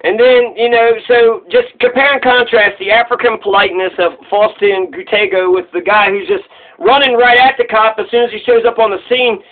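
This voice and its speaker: High-voiced man rambling on a tinny line. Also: fairly even intonation, fairly quick. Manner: rambling, profane, restarts mid-thought. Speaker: commentator. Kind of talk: casual monologue commentary. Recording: tinny phone-like recording.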